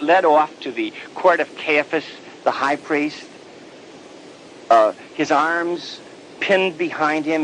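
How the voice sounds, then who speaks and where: A priest telling a sermon story with animated, dramatic delivery. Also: male voice, on the high side, a little hiss or hum, poor audio.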